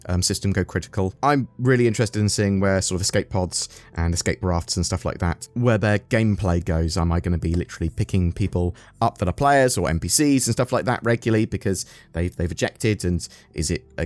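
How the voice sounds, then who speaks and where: A man's voice: fairly low pitch, darkish tone. A man with an English accent hosting a gaming channel, giving casual game news commentary and often saying "sort of". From England. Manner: chatty, often says "sort of".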